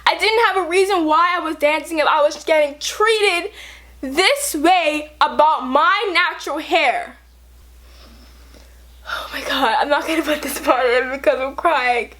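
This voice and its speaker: A young woman vlogger telling a personal story in an emotional, animated way with many fillers. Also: high-pitched, measured pace. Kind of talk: story time vlog.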